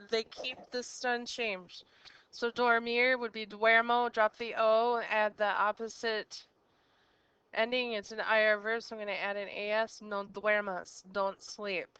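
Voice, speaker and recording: A woman's voice: a little high, bright, forceful tone, clean tone, dry recording. A woman as a teacher giving a recorded grammar lesson, explaining step by step and quizzing the listener with questions. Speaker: Spanish teacher.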